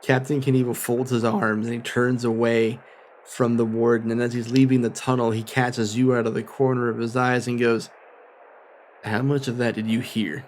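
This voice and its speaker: A man's voice: medium pitch, little pitch movement, a little mellow, slight background noise. Man narrating as a guest game master. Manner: casual, quick asides. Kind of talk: narrating a tabletop role-playing game.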